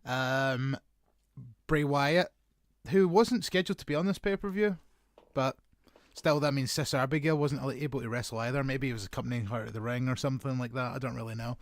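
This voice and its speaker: A man's voice: mid-range voice, a little fast, no room sound, studio quality. A man co-hosting a podcast in loose, rambling casual chat, laughing easily. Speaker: podcast co-host.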